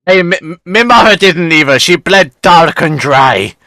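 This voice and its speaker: A man's voice: fairly high pitch, expressive, unhurried, sharp tone, no echo, voice pushed up, exaggerated voice. A man voicing a crude male pirate ship's cook who keeps calling people laddie. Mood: grim. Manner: calls everyone laddie, pushy, offers food.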